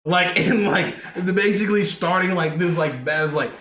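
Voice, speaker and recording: High-voiced and a bit bright, this podcast co-host speaks at a moderate pace during casual wrestling talk. He meanders with frequent fillers and restarts, in an echoey room with faint background noise.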